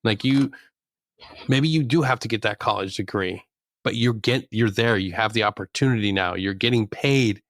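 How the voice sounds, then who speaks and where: A man's voice: on the low side, normal speed, a bit bright, dry recording, studio quality. A man hosting a podcast, talking in a casual way and often agreeing with his guest. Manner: conversational, agreeable, says "dude" and "yeah". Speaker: podcast host. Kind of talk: casual interview chat.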